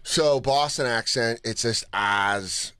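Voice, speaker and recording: A man's voice: mid-range voice, takes it slowly, bright, forceful tone, smooth, no room sound. A man hosting a comedy podcast, laughing and coaching his cohosts through voice impressions. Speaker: podcast host. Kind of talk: casual comedy podcast chat.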